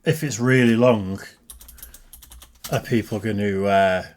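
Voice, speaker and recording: A man's voice: on the low side, fairly even intonation, takes it slowly, darkish tone. A man co-hosting a reaction video, making dry, blunt remarks in casual chat. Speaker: reaction channel co-host.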